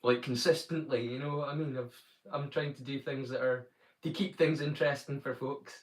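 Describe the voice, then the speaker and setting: A man's voice: mid-range voice, fairly even intonation, moderate pace. A man from Northeast Scotland with a Northeast Scottish accent, hosting a livestream and chatting casually with viewers. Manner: chatty, thanks viewers by name. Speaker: livestream host. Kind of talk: casual chat with live viewers. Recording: roomy sound from a distance, music behind.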